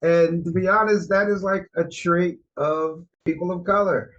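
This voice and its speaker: A man's voice: sits high, steady tone, normal speed, fairly bright tone. A man from New Jersey co-hosting a podcast, telling stories in a loose, slangy way. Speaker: co-host. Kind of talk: casual podcast chat. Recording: muffled, lo-fi audio.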